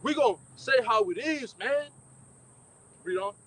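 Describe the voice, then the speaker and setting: A man preaching loudly and emphatically, swearing freely and mocking his critics between scripture readings. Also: very high-pitched, lively intonation, measured pace, poor audio. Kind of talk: fiery street-style preaching.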